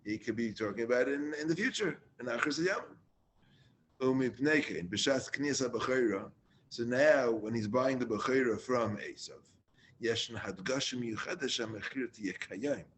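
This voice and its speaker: List: man, middle pitch, Torah class teacher, reads Hebrew then explains in English, casual and halting, faint rumble behind. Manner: mixes Hebrew readings with plain English asides, with restarts.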